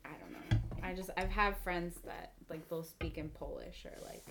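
A woman with a lowish voice chats as a comedian guest on a podcast. She talks in an earnest, meandering way, restarting as she works out her point. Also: normal speed, heavy background noise. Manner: rambling, earnest, searching for words. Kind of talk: casual chat.

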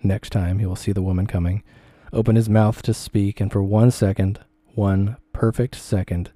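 A man reading a second-person essay aloud in a measured, deliberate way. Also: fairly low pitch, fairly even intonation, warm tone, no room sound.

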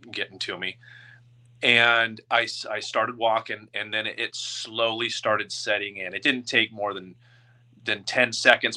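A man in his thirties, a guest telling a personal story in an open, emotional and halting way. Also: lowish voice, pushed and bright.

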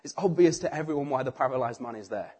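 A middle-aged British man preaching a sermon, telling the story with animated acted-out voices. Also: medium pitch, quick pace, slightly rough.

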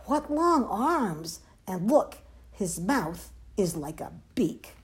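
A woman's voice: mid-range voice, very animated, slow pace, dark tone. A woman voicing a fierce, dim-witted mother tyrannosaur who grumbles disdainfully. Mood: grumbling.

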